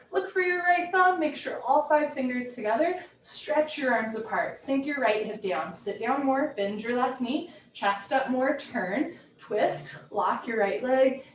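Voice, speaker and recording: Woman calling yoga cues in a roomy space. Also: high-pitched. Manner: brisk clipped posture cues, light and playful. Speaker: yoga teacher. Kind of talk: live yoga class instruction. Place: home room. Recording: roomy echo, heard from a distance.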